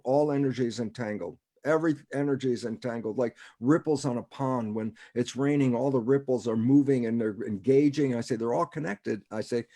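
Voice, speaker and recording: A man of average pitch explains ideas in an easy, conversational way over a video call. He keeps posing rhetorical questions to himself and chuckles often as he talks. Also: dark tone. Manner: rhetorical, keeps asking himself "why is that relevant?". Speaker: guest speaker.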